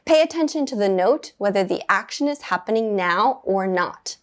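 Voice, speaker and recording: Woman reading a beginner grammar lesson, clear and measured, perks up on the praise bits. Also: medium pitch, lively intonation. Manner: clear, measured, with bright upbeat praise words. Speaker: English teacher.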